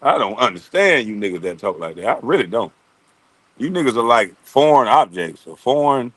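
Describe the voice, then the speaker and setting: A man rants to his stream in a loose, profane monologue, his pitch swinging widely as he mocks people and laughs at them. The sound is dry and close. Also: big pitch swings, moderate pace, dry recording. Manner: loud, laughing, mocking impressions of others. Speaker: live streamer.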